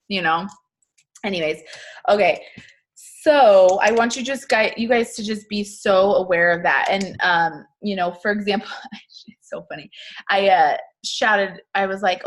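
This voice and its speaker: A woman's voice: medium pitch, measured pace. Upbeat young woman, casual motivational talk, filler-heavy chatter. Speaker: network marketing team leader.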